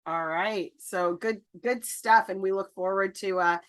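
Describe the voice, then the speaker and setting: A woman's voice: mid-range voice, steady tone, unhurried. A woman co-hosting a podcast, upbeat and chatty, talking to guests and listeners. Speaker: podcast co-host. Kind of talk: casual podcast chat.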